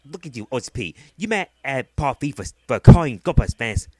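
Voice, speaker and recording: A man's voice: mid-range voice, big pitch swings, fairly quick, slightly rough, dry recording. A man delivering a heated, profane vlog rant, often repeating himself. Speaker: vlogger. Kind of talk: angry ranting vlog.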